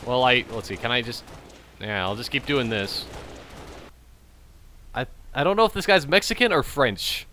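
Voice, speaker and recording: A man's voice: medium pitch, lively intonation, moderate pace, pauses often, pushed and bright, a little hiss or hum. A tipsy man hosting a gaming channel, giving rambling, jokey commentary over his play. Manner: rambling, jokey, self-amused. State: tipsy from drinking. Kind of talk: casual gameplay commentary.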